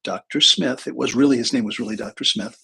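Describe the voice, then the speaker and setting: Middle-aged guy, raspy gravelly voice, rambly self-deprecating livestream chat, lots of um and you know. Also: medium pitch, fast talker, pushed and bright, poor audio. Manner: rambling, self-deprecating, many fillers and restarts. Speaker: therapist and spiritual teacher. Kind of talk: casual livestream talk.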